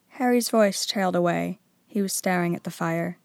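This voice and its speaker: A woman narrating a storybook aloud with lively character voices, close to the mic. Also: fairly low pitch, moderate pace, gravelly, dry recording. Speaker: audiobook narrator. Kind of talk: storybook reading.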